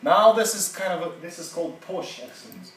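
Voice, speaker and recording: Man, native Russian speaker, higher voice, roomy classroom, off-mic. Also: lively intonation, slight background noise. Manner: casual, halting, laughs often. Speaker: seminar teacher. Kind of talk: classroom seminar talk. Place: university classroom. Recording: echoey room from a distance.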